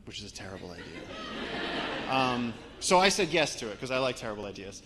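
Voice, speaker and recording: Man from Brooklyn, gravelly, animated live storytelling talk, faint background hiss. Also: on the low side, quick pace. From Brooklyn, New York. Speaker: expedition guide giving a talk.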